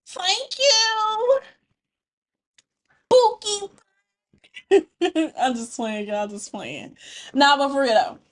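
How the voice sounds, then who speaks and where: Animated high-voiced woman vlogger. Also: slow. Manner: animated, talks straight to the audience. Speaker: story-time reaction vlogger. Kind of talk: casual chat to viewers.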